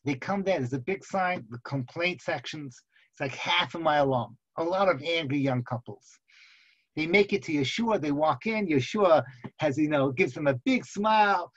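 High-voiced, animated male storyteller. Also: moderate pace. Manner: animated storyteller who acts out characters. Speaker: rabbi teaching seminary students. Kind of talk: Torah lecture with storytelling. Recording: slightly muffled recording.

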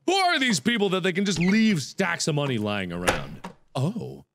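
A young man giving let's-play game commentary, swinging from muttered asides to panicked yelling. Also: on the high side, sing-song, normal speed, dry recording. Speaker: gaming video host.

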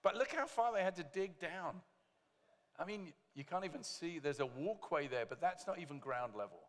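A man's voice: on the high side, moderate pace. Man preaching in a reverberant church. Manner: lively preaching with joking asides. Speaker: pastor. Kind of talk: sermon. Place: church hall.

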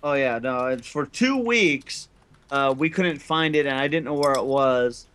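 A man co-hosting a casual gaming podcast, telling childhood stories and acting out the quotes loudly. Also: medium pitch, lively intonation, unhurried, clear, resonant tone. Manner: storytelling, acts out quotes loudly. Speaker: podcast co-host. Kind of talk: casual group chat.

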